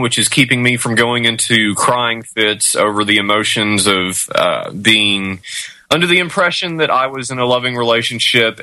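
Man, guest, halting earnest talk, low pitch, dry close sound. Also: sharp tone, dry recording, poor audio. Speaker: show guest. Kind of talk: casual interview talk.

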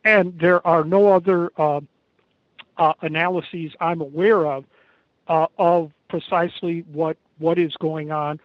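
High-voiced American man on a dull call line. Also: fairly even intonation, no room sound. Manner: halting, emphatic, many pauses. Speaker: interview guest. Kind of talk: remote interview over a call. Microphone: internet call. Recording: dull lo-fi internet call audio.

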